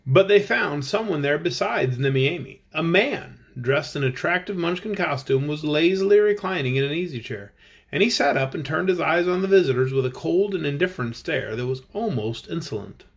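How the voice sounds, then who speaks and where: Lively man reading a storybook aloud. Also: on the high side, normal speed, gravelly, slightly rough. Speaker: audiobook reader. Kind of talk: reading a children's book aloud.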